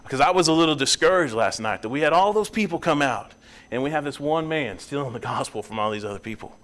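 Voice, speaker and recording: A young man preaching in a church, earnest, his voice climbing high and loud when he presses a point. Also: animated, fast talker. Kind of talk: sermon. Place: church sanctuary.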